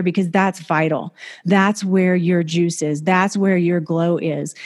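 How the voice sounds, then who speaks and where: A woman's voice: lowish voice, a little mellow. A woman life coach hosting her own show, giving a casual, enthusiastic motivational talk that encourages her listeners. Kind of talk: motivational self-help talk.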